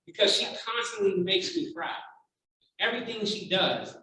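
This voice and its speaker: Man, 30s, keynote speaker; heartfelt, animated storyteller; bright tone, far off in a booming hall. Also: a little slow, pauses often. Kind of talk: personal storytelling keynote speech. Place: large conference room.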